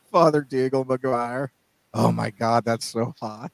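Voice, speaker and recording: A man's voice: mid-range voice, slow, vocal fry, no room sound, low-quality recording. A man co-hosting a casual podcast, rambling and often restarting his sentences. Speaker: podcast co-host.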